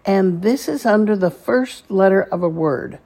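A woman teaching a language lesson, patient and deliberate, repeating each word slowly for learners. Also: medium pitch, dark tone. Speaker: Hebrew teacher. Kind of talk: slow spoken lesson.

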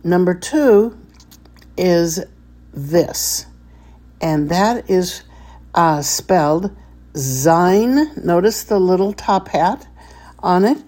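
Slow, mellow woman teaching. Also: on the low side, lively intonation. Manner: deliberate, repeats each word for practice. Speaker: Hebrew teacher. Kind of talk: slow vocabulary lesson.

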